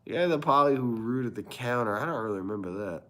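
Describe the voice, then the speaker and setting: A man's voice: mid-range voice, expressive, rapid-fire, sharp tone. A man hosting a casual livestream, rambling through stories with frequent laughs, reading chat and acting out both sides of conversations. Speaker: livestream host.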